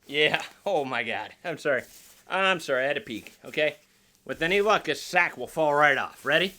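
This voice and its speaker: A man's voice: a little high, lively intonation, normal speed, bright, forceful tone. A man reviewing a guitar in a casual unboxing vlog, rambling and joking at his own expense. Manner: rambling, self-deprecating, jokey.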